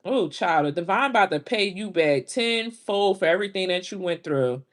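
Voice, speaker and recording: A middle-aged woman, reading tarot in casual, animated talk full of exclamations. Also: fairly low pitch. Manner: animated, exclaiming, drawn-out reactions. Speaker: tarot reader.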